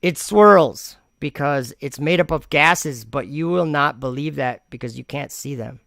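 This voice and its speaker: A man's voice: fairly high pitch, measured pace, gravelly, fairly bright tone, no room sound, studio quality. A man hosting a commentary vlog, reacting to comments in an argumentative, sarcastic way and rambling with frequent restarts. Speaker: channel host.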